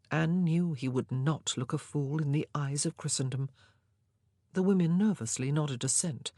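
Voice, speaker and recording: A woman narrating a historical novel in a measured, expressive storytelling voice. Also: low voice, no echo, studio quality. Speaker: audiobook narrator.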